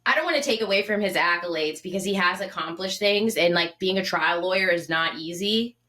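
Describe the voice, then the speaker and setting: A woman's voice: fairly low pitch, fairly quick, sharp tone. A woman in her twenties co-hosting a podcast in casual chat, blunt and wry in how she puts things. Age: 20s. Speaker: podcast co-host.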